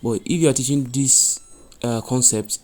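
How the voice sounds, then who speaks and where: A man teaching reading and phonics to other teachers, explaining step by step and slowly repeating example words and sentences. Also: mid-range voice, darkish tone. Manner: explanatory, asks "do you get it?". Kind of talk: spoken lesson for teachers.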